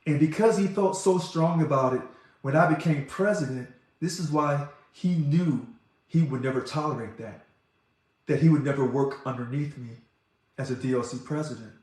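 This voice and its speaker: Man, fairly high voice, fervent address, heavy room echo. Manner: passionate, talks fast and loud when excited. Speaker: organization president. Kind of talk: impassioned monologue. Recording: very echoey room.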